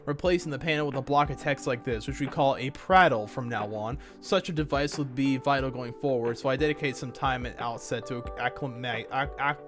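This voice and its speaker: A man's voice: mid-range voice, brisk, hardly any pauses, music in the background. A man reading a web comic aloud in a casual way, stumbling over long words and adding self-mocking asides. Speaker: web comic reader on his channel.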